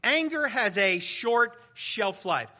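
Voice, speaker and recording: A man's voice: high voice, animated, slow, sharp tone. A middle-aged male pastor preaching a sermon in a conversational, joking way with the congregation.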